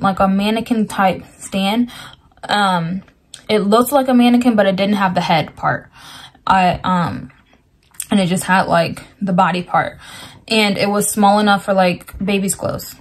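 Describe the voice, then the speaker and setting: Speaking a little slowly at a medium pitch, a woman who shares Christian dreams recounts one in a rambling way, leaning heavily on "like." She earnestly ties its meaning to scripture.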